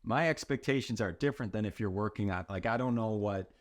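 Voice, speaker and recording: A man in casual podcast chat, laying out his view in a measured, reasoned way. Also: lowish voice.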